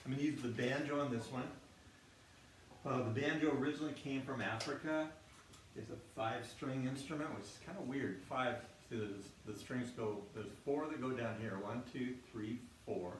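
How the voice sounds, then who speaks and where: A man's voice: mid-range voice, normal speed, far from the mic, a little hiss or hum. A man teaching a children's music class, explaining things simply with a friendly manner and many restarts. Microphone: single microphone near his instrument. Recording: echoey room, instrument music loud behind.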